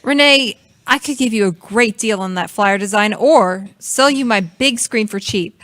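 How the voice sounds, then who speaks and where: A woman voicing a desperate, defensive museum marketing woman in an improvised comedy audio play, talking fast and evasively. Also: medium pitch, a bit bright, close to an everyday voice. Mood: jittery.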